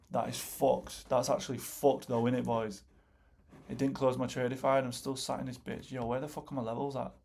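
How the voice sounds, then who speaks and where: Profane young British trader talking slang. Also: male voice, medium pitch, level tone, normal speed, creaky, a little mellow. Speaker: day trader. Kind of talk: live trading commentary.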